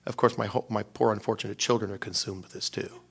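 This man preaches fast in a lowish, slightly rough voice with vocal fry. His sermon is a story, told animatedly and with self-mockery; he acts out conversations in broad swings and falls to a hushed whisper for prayer.

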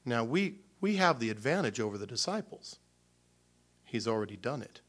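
A man telling a personal story from the pulpit in a midrange voice. He talks loosely and with feeling, stopping and restarting often. The tone stays warm and unscripted. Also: mid-range voice, big pitch swings, normal speed. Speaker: pastor. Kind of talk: sermon before communion.

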